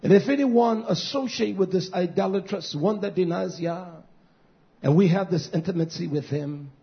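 A man preaching a fiery, scolding sermon, swinging between shouted lines and hushed ones. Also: sits high, moderate pace, creaky. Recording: dull lo-fi recording.

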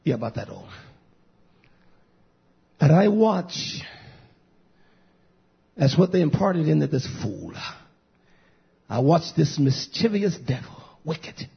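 Blunt, emphatic male preacher, raspy and fairly high, muffled lo-fi sound. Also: very animated, slow pace, long pauses. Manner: emphatic, blunt, swings from shouting to low muttering. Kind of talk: fiery sermon.

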